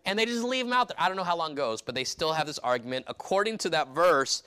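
A man preaching an expository sermon, reading scripture aloud and acting out the scenes in lively voices. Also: a little high, fast, hardly any pauses, clear, resonant tone. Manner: animated, reads scripture aloud and acts out scenes.

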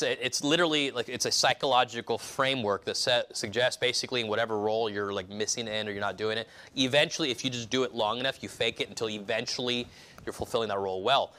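Guy pastor preaching loose and chatty, bright forward voice, keeps restarting sentences and doing little voices. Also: mid-range voice. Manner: rambling, conversational, many restarts and asides; acts out quoted voices. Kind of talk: casual expository sermon.

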